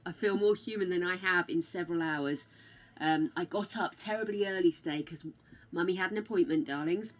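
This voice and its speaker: A woman's voice: fairly low pitch, fairly quick. An older woman from the UK with a British accent that drifts between regional accents, chatting casually on her game stream and calling viewers darling and dearie. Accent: British, shifting between regional accents. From United Kingdom. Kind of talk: casual livestream chat.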